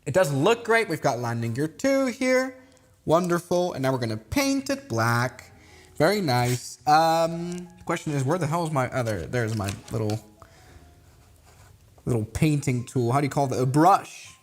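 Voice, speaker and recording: A man's voice: on the high side, sing-song, moderate pace, faint music behind. A young man with a Swiss accent chatting casually to viewers on a live stream while struggling to build a model kit, self-mocking and exasperated.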